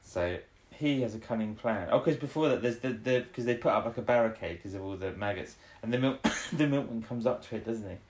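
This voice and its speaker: A man co-hosting a casual chat, recapping an episode. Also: medium pitch. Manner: rambling, acts out characters' lines in quick impressions. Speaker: podcast co-host. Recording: echoey room.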